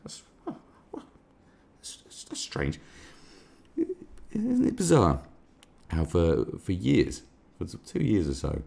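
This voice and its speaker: A man's voice: sits low, huge pitch swings, takes it slowly, vocal fry, darkish tone. A man hosting a live stream, ranting sarcastically and swearing a lot in casual commentary. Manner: crude, sarcastic, swears often.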